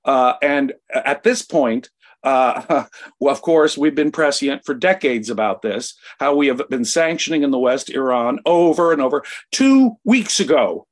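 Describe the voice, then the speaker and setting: An American man giving emotional, emphatic political commentary as a guest, his pitch swinging sharply as he talks. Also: normal speed. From United States.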